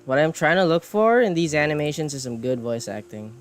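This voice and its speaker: A streamer and animator with a fairly high voice and big pitch swings talks a little fast as he draws, with soft music in the background. His casual chat rambles, and he mocks himself, swearing and laughing often.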